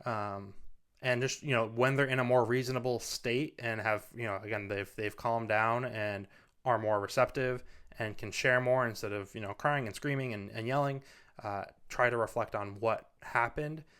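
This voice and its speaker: At a studio mic, a male parenting host earnestly rambles through casual advice, leaning on "you know" again and again. His mid-range voice moves at normal speed with fairly even intonation, a bit bright and clean.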